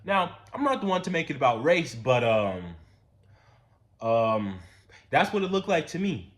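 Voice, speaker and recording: A man's voice: fairly high pitch, a little slow. Guy ranting to his channel, swears a lot, voice jumps all over, repeats himself. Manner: animated, repetitive, profane, rising to near-shouts when worked up. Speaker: commentary channel host. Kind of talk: casual ranting commentary.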